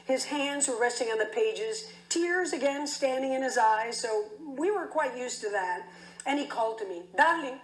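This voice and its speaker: A woman's voice: a little high, lively intonation, moderate pace. A woman giving a keynote speech, telling a story in a vivid, dramatic way. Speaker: keynote speaker. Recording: echoey hall.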